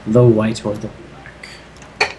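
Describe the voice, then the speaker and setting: A man voicing a proud, scornful male dragon in a tabletop game, speaking in a low, slow, contemptuous way. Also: little pitch movement, background noise.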